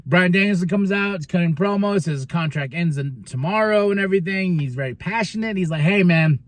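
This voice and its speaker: High-voiced man recapping wrestling. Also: no room sound. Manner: animated, does quick mock voices when quoting; laughs often, stumbles and restarts. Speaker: podcast host recapping wrestling. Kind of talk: casual recap monologue.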